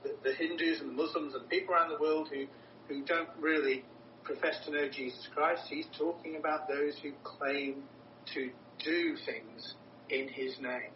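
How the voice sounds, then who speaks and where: Guy preaching, earnest and emphatic, kinda high voice, roomy echo, mic a bit far off and dull with a low rumble. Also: steady tone, normal speed. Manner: earnest, emphatic, repeats words for stress. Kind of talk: sermon.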